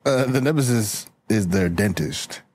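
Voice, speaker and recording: Animated jokey podcast co-host. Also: male voice, fairly low pitch, measured pace, music in the background. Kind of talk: casual chat.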